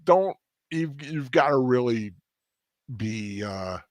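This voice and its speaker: A man with a faint Southern Maryland accent talks loosely through a film commentary, circling back and restarting his thoughts. His voice sits at an ordinary middle pitch. The sound is close and dry, with no room around it. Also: lively intonation, takes it slowly, no echo. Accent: mild Southern Maryland. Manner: rambling, stops and restarts, laughs at himself. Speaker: host. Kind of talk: casual film commentary chat.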